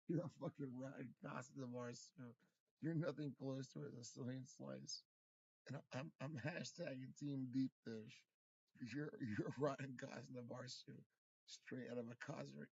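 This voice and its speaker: A man's voice: mid-range voice, fairly even intonation, moderate pace, gravelly, husky, no room sound. A man in a rambling, profane livestream monologue, stumbling over his words and repeating himself, recorded in his room at home. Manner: rambling, profane, with many restarts and stammered repeats. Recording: dull lo-fi, dry sound.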